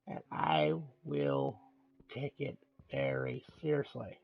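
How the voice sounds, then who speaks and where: A man streaming live, delivering an angry rant in a deliberately calm, measured voice with halting pauses. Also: a little high, vocal fry, soft background music. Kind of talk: ranting monologue on a live stream. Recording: tinny, phone-like lo-fi sound.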